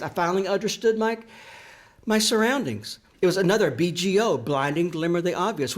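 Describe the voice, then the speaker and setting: An older man speaks in a slightly raised pitch. He is an author sharing a personal story, reflective and earnest. His delivery is confessional and unhurried in thought. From American South. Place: library event room.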